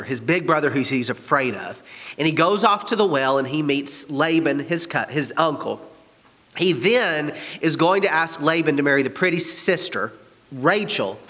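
A man's voice: fairly high pitch, sharp tone. A man teaching a Bible study, reading a passage aloud and commenting on it in a wry, conversational way. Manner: conversational, wry, laughs at the text. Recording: long hall reverb.

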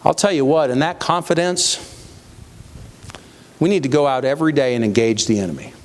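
A man preaching a sermon to a congregation, reading scripture slowly and with rising emphasis between plain, direct asides. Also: mid-range voice, big-room sound. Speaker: pastor.

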